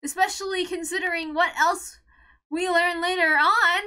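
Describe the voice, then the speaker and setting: A woman hosting a read-along, ranting emotionally, close to tears, swearing and shouting with a cracking voice. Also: very high voice, steady tone, normal speed. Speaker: channel host reading a visual novel aloud. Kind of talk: emotional reaction rant.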